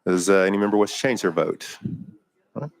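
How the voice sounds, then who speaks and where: A man's voice: low voice, fairly quick. A man chairing a legislative committee hearing, running votes in a plain, procedural way with frequent fillers, speaking into a desk microphone.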